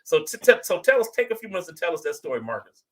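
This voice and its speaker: A man's voice: sits high, racing. A man hosting a casual talk show, prompting his grown children to tell their stories, often repeating and restarting his words. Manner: lively, repeats himself, draws stories out of guests. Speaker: host.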